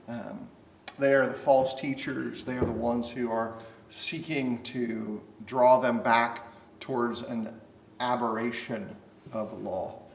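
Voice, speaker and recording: A man's voice: mid-range voice, slow pace, creaky. Man teaching a Bible study in an echoey room. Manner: earnest, animated, acts out quoted voices. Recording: echoey room, distant mic, faint noise.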